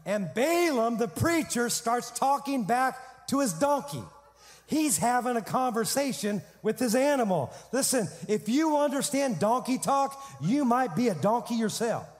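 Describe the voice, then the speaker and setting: A male pastor preaching a sermon, telling a story in an animated way with humor. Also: very high voice, unhurried, in a large hall.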